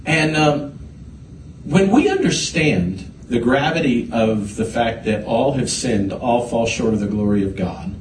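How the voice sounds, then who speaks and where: Slow-talking preacher in an echoey hall. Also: male voice, mid-range voice, expressive, far from the mic, a little hiss or hum. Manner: halting, many restarts, builds to emphatic preaching. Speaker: pastor. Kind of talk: sermon with personal story.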